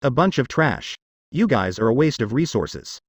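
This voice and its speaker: A defiant young man, cold and cruel, his lines carried by a lively, moving pitch as a male narrator voices him. The reading stays even and unacted, with a dry, close sound. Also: normal speed, husky, no echo. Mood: contemptuous.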